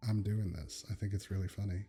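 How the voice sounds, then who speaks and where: A young man chatting casually while reacting to memes at his computer, laid-back and quick to laugh. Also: sits low, fairly even intonation, mellow, faint music behind.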